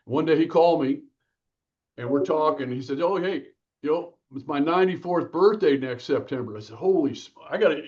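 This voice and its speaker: Energetic man telling stories, lo-fi sound. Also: on the high side, normal speed. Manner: energetic, lively, acts out quotes. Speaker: author and guest. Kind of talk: casual interview storytelling.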